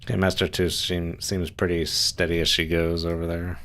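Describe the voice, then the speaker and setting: A man's voice: deep voice, level tone, moderate pace, fairly bright tone. A man chatting casually on a live stream while playing a submarine game, rambling with fillers and restarts.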